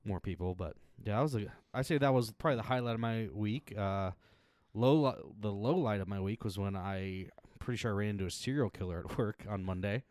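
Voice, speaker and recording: A podcast co-host chatting casually and telling an animated story, swearing freely and laughing often. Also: male voice, lowish voice, brisk, no room sound. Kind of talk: casual chat.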